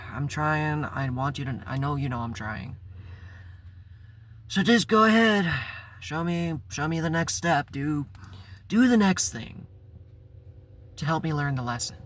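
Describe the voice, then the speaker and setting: A man's voice: a little high, fairly bright tone. A man telling a personal story in a casual, rambling vlog, swearing and breaking into bursts of exasperation. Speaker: spiritual vlogger.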